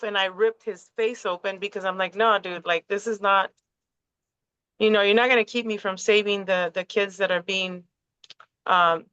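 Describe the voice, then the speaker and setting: Host, woman; excitable, swearing, rambling; lo-fi call sound. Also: medium pitch, smooth, dry recording. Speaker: podcast host. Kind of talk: casual conspiracy chat. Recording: dull lo-fi call audio.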